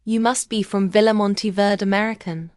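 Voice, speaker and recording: A woman's voice: mid-range voice, fairly even intonation, brisk, a little mellow, dry recording, clean studio sound, lightly acted. A woman voicing an enthusiastic, free-spirited woman painter in her fifties who speaks directly and encouragingly.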